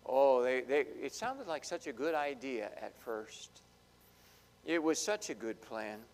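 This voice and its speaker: A man preaching a sermon, dramatic, swinging between loud bursts and hushed asides. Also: medium pitch, lively intonation, measured pace. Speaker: pastor. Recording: long hall reverb.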